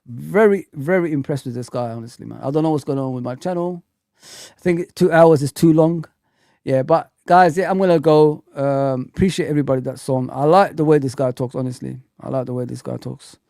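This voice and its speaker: A man hosting a casual live-stream football chat, animated and repetitive, talking straight to his viewers from a home setup. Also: fairly high pitch, no echo, clean studio sound.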